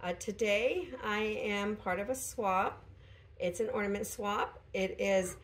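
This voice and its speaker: A woman vlogger chatting casually at home while unboxing a gift, pausing and laughing softly, still recovering from an illness. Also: medium pitch, fairly even intonation. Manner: chatty, hesitant, frequent small laughs. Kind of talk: casual chat.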